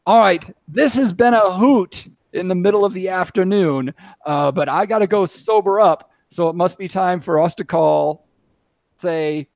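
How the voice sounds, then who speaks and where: A man's voice: high-pitched, unhurried, creaky, no echo. Chatty man hosting, dry close sound. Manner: chatty, with many filler "uh"s. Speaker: podcast host. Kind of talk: casual podcast hosting.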